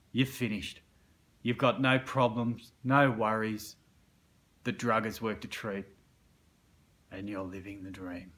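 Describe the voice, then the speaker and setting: Australian male coach, bright tone, mid pitch, colloquial storyteller who acts scenes out. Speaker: self-improvement coach. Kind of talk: motivational storytelling.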